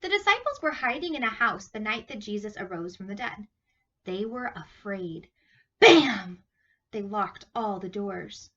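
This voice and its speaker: A woman teaching Sunday school, reading a Bible story to children in an animated, questioning way. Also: mid-range voice, normal speed, recorded from a distance, muffled recording. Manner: animated, questioning, talks to kids directly.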